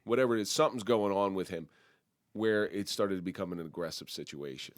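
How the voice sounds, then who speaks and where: A man's voice: low voice, brisk, no room sound, studio quality. A man hosting a podcast, chatting casually with his guest and laughing along. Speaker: podcast host. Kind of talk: conversational interview.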